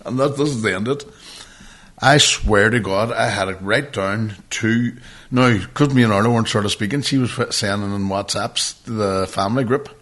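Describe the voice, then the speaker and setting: A man's voice: on the low side, normal speed. A man co-hosting a podcast, telling a long story in casual chat, swearing and laughing as he goes. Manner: swearing, laughing, animated anecdote. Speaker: podcast co-host.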